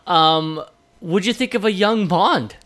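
A man co-hosts a movie podcast, chatting in an enthusiastic, casual way and swearing freely. His voice is high-pitched and a bit bright.

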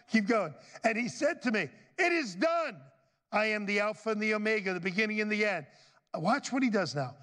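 A man's voice: high-pitched, a little fast, a bit bright, in a large hall. A middle-aged man preaching a sermon as pastor, folksy and chatty, calling out to the congregation for amens. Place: church sanctuary.

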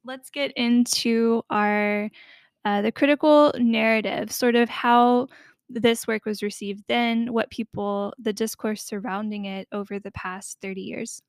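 A woman co-hosting a podcast, talking through a game's history in a thoughtful, scholarly way with quick asides. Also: fairly high pitch, steady tone, clean tone, no room sound, studio quality. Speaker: podcast co-host. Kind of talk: casual discussion.

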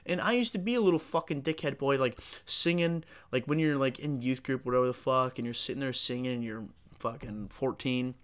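A man hosting a solo podcast, talking in a rambling, profane, excitable way. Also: medium pitch, a little fast, few pauses. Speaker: podcast host.

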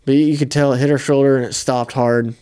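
A young man, co-host of a podcast, casually telling a hunting story in a relaxed, profane way. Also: mid-range voice, quick pace, clear, resonant tone.

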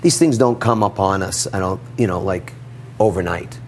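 A middle-aged man telling a personal story in an interview, animated and acting out the dialogue. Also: low voice, normal speed, slight background noise. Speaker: guest.

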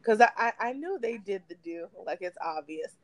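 A young woman co-hosting a casual podcast, candid and animated as she retells scenes and acts out what people said. Her voice sits mid-range, recorded close and dry with no room sound. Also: medium pitch, moderate pace, no echo, rough recording. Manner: candid, animated storytelling with acted-out quotes. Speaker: podcast co-host. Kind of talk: casual chat.

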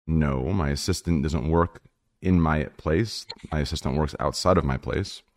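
A man's voice: very deep voice, normal speed, darkish tone, dry recording, clean studio sound. A man hosting a casual group podcast over a wireless headset, brash and swearing, often repeating himself.

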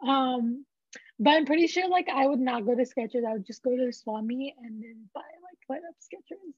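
High-voiced teen girl, dry lo-fi sound. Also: normal speed, darkish tone, dry recording. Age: teens. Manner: rambling, frank, filler-heavy. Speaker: teen panelist. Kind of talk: casual chat.

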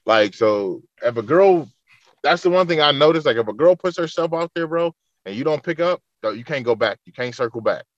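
A man's voice: fairly high pitch, lively intonation, brisk, no room sound, muffled recording. A man in a casual podcast chat who swears freely and tells stories, acting out what people said. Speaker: podcast guest.

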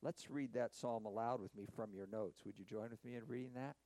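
Male pastor preaching a sermon, mellow tone, lively rising and falling delivery, dry close sound. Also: mid-range voice, brisk, no room sound, poor audio.

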